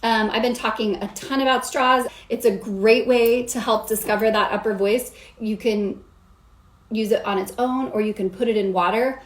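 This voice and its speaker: A woman's voice: fairly high pitch, fairly even intonation, moderate pace. A woman vocal coach explaining singing technique in an upbeat way, stopping to demonstrate sounds as she goes. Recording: echoey room.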